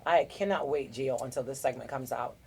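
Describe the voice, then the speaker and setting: A woman's voice: extremely low pitch, brisk, husky. A middle-aged woman hosting a podcast, giving earnest, rambling relationship advice in a casual group chat. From South Florida. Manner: warm-hearted, rambling, earnest advice with restarts. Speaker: podcast host.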